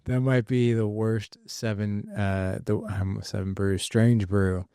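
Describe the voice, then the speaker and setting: Laid-back middle-aged podcast host. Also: male voice, fairly low pitch, flat delivery, slow, mellow, clean tone, no echo, studio quality. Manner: rambling, self-correcting, laughing often. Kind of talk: casual father-son podcast chat.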